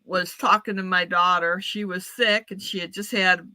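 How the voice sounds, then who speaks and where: A woman's voice: fairly low pitch, fairly even intonation, moderate pace, bright, forceful tone, no room sound. A woman guest on a talk show, telling family stories casually and laughing often. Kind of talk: casual storytelling.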